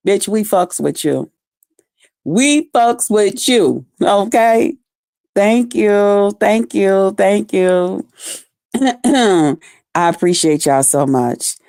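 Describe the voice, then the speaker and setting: A woman's voice: medium pitch, mellow. A woman hosting her own live stream, chatting casually and brashly with her viewers. She swears freely as she thanks her fans and reads out their comments. Her voice is recorded dry, with no room echo. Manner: profane, brash and talkative, reading out chat comments.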